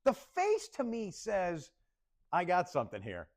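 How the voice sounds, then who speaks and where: Lively, playful male TV weatherman. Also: sits high, unhurried. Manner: playful, animated, laughs often. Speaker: TV meteorologist. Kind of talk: casual forecast banter.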